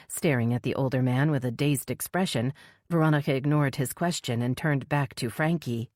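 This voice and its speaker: A woman narrates a thriller audiobook in a low, grounded voice, recorded dry and close with no room sound. She lifts her pitch to voice the other characters. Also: normal speed, a little mellow, no room sound.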